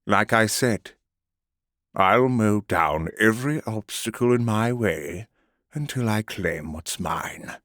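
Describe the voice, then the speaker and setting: A man's voice: on the low side, slow, fairly bright tone, no echo, studio quality. A man narrating a first-person audiobook with a menacing, gloating delivery.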